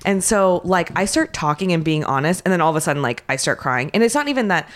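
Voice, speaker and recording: A woman's voice: fairly low pitch, animated, quick pace. A young woman co-hosting a casual chat, telling stories with laughter and playful quoted voices.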